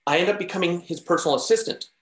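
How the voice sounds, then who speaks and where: Speaking in a high, rapid-fire voice, this male interviewee tells casual stories and animatedly performs the voices of each character. There's a roomy echo on the audio.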